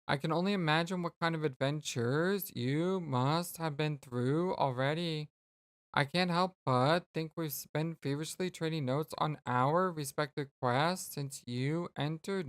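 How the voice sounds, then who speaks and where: A let's play host voicing a gentle, polite young alien girl who speaks slowly and formally, reading game dialogue aloud. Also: medium pitch, clear, resonant tone, no echo, close to an everyday voice. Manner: slow, formal, careful speech.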